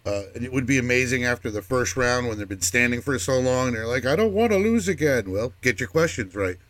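A man's voice: medium pitch, fast talker, fairly bright tone, dry recording. A man who trains people, chatting in an easygoing way on a podcast. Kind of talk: casual podcast chat.

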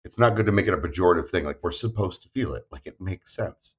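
A man co-hosting a podcast in casual chat, animated and self-deprecating. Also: low voice, quick pace. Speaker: podcast co-host. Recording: dull lo-fi sound.

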